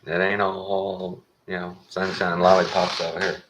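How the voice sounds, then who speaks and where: A man's voice: low-pitched, level tone, a little slow, background noise. A man with a Texan accent giving a folksy, plain-spoken opinion monologue with a wry edge. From Texas. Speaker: show host.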